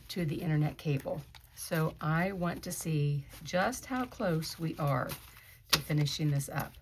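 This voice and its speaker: Female budgeting vlogger, slightly low voice, gentle counting and encouraging chat, faint background noise. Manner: counts bills aloud softly, then gets emotional and encouraging. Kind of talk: casual budgeting vlog, counting cash.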